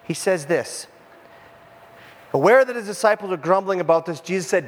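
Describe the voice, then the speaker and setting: Male pastor, high voice, animated sermon, long echoing reverb. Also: normal speed, pauses often. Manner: animated, conversational with jokey asides. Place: church room with a congregation.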